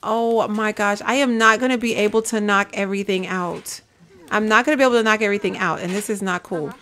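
A woman talks through her gameplay in a loose, casual way, calling her viewers "y'all" and coaxing and scolding the characters on her screen. Her voice sits at an ordinary middle pitch. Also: a little fast, fairly bright tone, slight background noise. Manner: chatty, coaxes and scolds her game characters, says "y'all". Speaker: gaming video creator.

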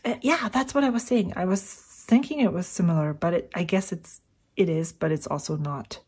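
Her voice lowish and a little mellow with a breathy edge, a middle-aged woman talks at a normal pace about inks. This fountain pen vlogger rambles casually as she swatches at her home desk, thinking aloud and sometimes whispering.

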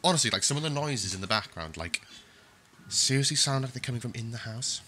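A man's voice: mid-range voice, expressive, fairly quick, bright, forceful tone, a little hiss or hum. A man doing let's play commentary, jumpy, wisecracking and swearing. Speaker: gaming YouTuber.

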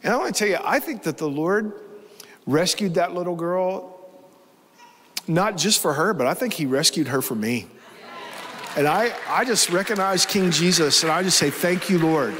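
A man's voice: sits high, animated, normal speed, a bit bright, long reverb tail, a faint crowd, slight background noise. A man preaching a sermon as pastor, telling a story with strong emotion. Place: church hall with live congregation.

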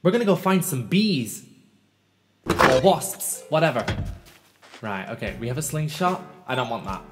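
A man hosting a video game let's play, chatting to himself in an animated, talkative way. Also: medium pitch, unhurried. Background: game music.

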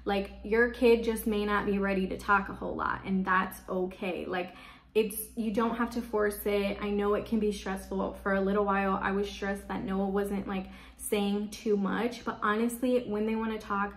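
A woman's voice: medium pitch, flat delivery, moderate pace. A woman giving parenting tips to the camera in casual, chatty speech, often filling with "like". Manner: chatty, leans on "like" as a filler. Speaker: parenting vlogger. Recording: echoey room.

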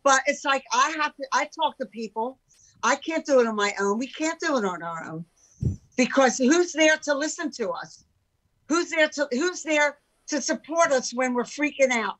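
A woman's voice: high voice, normal speed, poor audio. An older woman, a podcast guest and entrepreneur, talking emphatically in casual conversation and acting out the voices of people she quotes. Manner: emphatic, animated, acts out quoted speech.

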